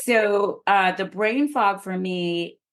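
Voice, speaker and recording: A middle-aged woman, a guest expert on a podcast, explaining earnestly and sharing personal stories in a relaxed interview. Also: medium pitch, takes it slowly.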